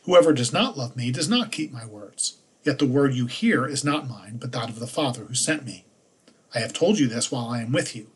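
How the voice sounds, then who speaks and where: A man, a priest, reading the day's scripture passages aloud in a measured liturgical manner. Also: medium pitch, animated, slightly rough.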